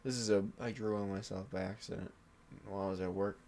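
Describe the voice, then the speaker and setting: A woman's voice: extremely low pitch, steady tone, quick pace, heavy background noise. A woman in a casual comedic vlog, whining in fake sobs and keeps breaking into giggles. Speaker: comedic vlogger.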